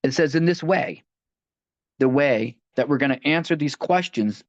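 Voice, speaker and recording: A man's voice: medium pitch, big pitch swings, brisk, no echo. A man leading a line-by-line recovery book study, talking conversationally and often restarting phrases as he reads passages aloud. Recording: dull, dry lo-fi audio.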